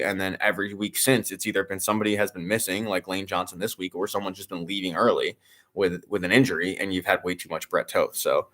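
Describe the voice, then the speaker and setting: A young man with a slightly low voice chats his way through a live game stream, jumping from topic to topic. He talks like an excitable fan, full of fillers, restarts and the occasional curse. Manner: rambling, filler-heavy, excitable sports fan, swears. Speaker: streamer hosting a sports watch-along. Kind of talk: casual live commentary and chat.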